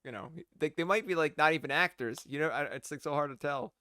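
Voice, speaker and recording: A man co-hosting a casual podcast about films, rambling with many fillers and trailing off quietly. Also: fairly high pitch, fast talker. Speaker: podcast co-host. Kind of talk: casual film discussion chat.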